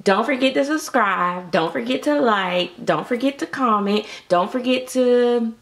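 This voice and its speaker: A woman chatting casually to camera about her collectible dolls, animated and full of acted-out quotes. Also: mid-range voice, normal speed, creaky. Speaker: doll collector vlogger.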